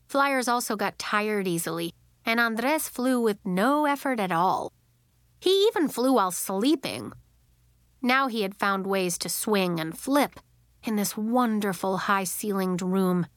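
A woman narrating a children's storybook aloud in a gentle, measured way. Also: mid-range voice, no room sound, studio quality.

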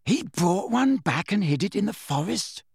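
A man reading aloud, voicing an excitable, easily rattled teenage schoolboy with an animated way of talking. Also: high voice, moderate pace, gravelly, slightly rough, dry recording, clean studio sound, pitched above the performer's own voice, heavily acted.

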